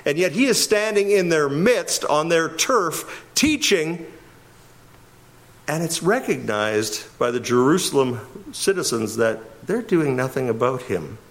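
A middle-aged man from Canada teaching through a Bible passage. His pitch swings widely and sits a little high for a man, and he presses key words emphatically. He chuckles often as he explains. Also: sing-song, a little slow. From Winnipeg, Canada. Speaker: pastor.

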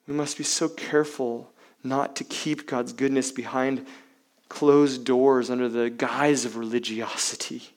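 A man preaching a sermon as pastor, emphatic, with rhetorical questions and dramatic swings between loud and hushed delivery. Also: medium pitch, level tone, unhurried. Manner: uses rhetorical questions to the congregation.

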